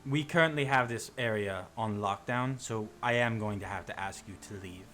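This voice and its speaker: A man's voice: fairly low pitch, moderate pace, pushed and bright, voice pushed down. A man doing a blunt, pushy cult leader. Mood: curt. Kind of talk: tabletop role-play in character.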